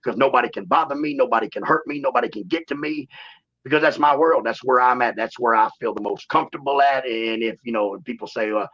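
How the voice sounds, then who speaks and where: A man, telling stories in a shoot interview in a drawling, animated way and saying "man" often. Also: fast. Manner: animated storyteller, acts out quotes in a higher voice. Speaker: interview guest, former wrestler. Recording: dull lo-fi sound.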